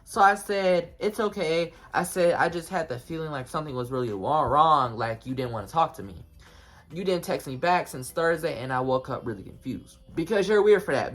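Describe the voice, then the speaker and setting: A young man telling a casual storytime vlog, animated and slangy, talking straight to his viewers. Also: fairly high pitch, breathy edge. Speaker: vlogger.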